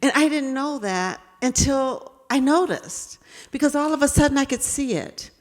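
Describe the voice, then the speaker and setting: Animated woman speaker telling stories. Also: high-pitched, normal speed. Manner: animated, acts out scenes. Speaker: keynote speaker. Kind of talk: storytelling talk to an audience. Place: event hall. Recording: reverberant hall.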